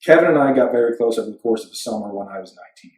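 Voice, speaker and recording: Young guy guest telling stories, super animated, swears a lot, kinda far off the mic in an echoey room. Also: mid-range voice, very fast. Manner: animated storyteller, swears casually, acts out quotes. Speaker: interview guest. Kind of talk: casual interview storytelling. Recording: roomy, somewhat distant mic.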